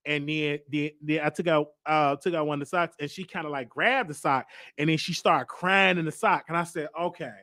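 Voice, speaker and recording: Man, show host, comic monologue, fairly high voice, dry close sound. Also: moderate pace, no room sound. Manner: animated storytelling, jumping into high voices for others. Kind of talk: comedic monologue.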